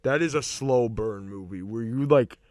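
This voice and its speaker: A young man co-hosts a casual podcast, rambling through his points with plenty of "like" and "um" and some swearing. His voice sits at an ordinary pitch. It is recorded close and dry, with no room sound. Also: moderate pace, a little mellow, no room sound. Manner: rambling, heavy use of "like" and "um", swears freely. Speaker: podcast co-host. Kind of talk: casual chat.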